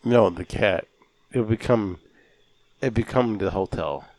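A man making a prank phone call, rambling deadpan with lots of filler words. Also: lowish voice, a little slow, no echo. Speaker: prank caller.

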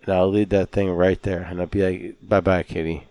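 A man making a prank phone call, rambling deadpan with lots of filler words. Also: deep voice, brisk, dry recording. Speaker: prank caller.

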